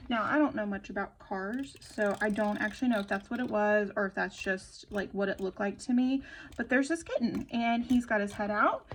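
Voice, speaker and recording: A woman's voice: medium pitch, moderate pace, a little hiss or hum, rough recording. A young woman casually chatting and telling a rambling story while decorating her planner at home, full of fillers and self-interruptions. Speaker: planner vlogger.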